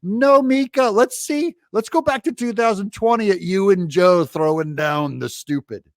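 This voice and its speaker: A man's voice: high voice, normal speed, no room sound. Man mocking news clips, dry sound. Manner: mocking, sarcastic rebuttals. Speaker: political commentary host. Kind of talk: reaction commentary on news clips.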